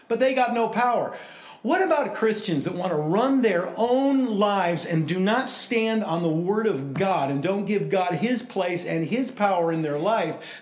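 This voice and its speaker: A man preaching a sermon in a conversational, animated way, swinging between loud emphasis and hushed asides. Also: high voice, echoey room. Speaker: pastor.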